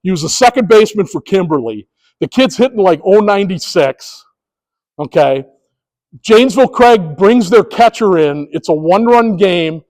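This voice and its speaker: Middle-aged male presenter, higher-pitched voice, storytelling delivery with acted-out umpire calls, speaking to a live room. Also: lively intonation, normal speed, darkish tone, low-quality recording. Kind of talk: presentation to sports officials.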